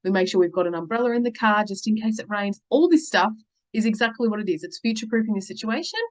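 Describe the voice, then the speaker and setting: A woman's voice: medium pitch, expressive, fast talker, poor audio. Earnest woman coaching parents. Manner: earnest, reassuring, keeps saying "okay" and "all right". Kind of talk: talking to camera, advice video.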